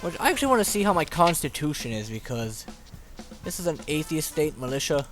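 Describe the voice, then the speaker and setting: A man's voice: fairly high pitch, very animated, fairly quick, a bit bright. A man hosting a let's play, giving casual, rambling commentary full of swearing. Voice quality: profane, rambling, offhand. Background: game music.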